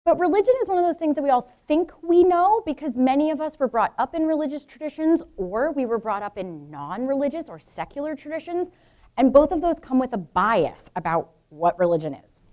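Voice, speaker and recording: A woman's voice: sits high, sing-song, fairly quick, darkish tone. A middle-aged woman from Brooklyn and New Jersey giving a public lecture as a professor, frank and informal, with asides to the audience.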